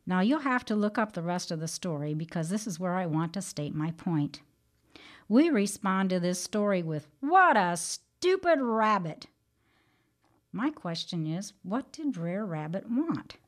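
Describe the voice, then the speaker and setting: A woman's voice: on the low side, expressive, a little mellow. Earnest woman teaching devotionally. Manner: measured, earnest, plain-spoken. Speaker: radio Bible teacher.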